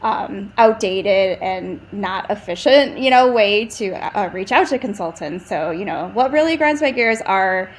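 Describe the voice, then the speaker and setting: A woman's voice: medium pitch, lively intonation, a little slow, few pauses, rough recording. A woman from a marketing agency speaking as a podcast guest, thoughtful and rambling, with many fillers. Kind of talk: casual podcast interview.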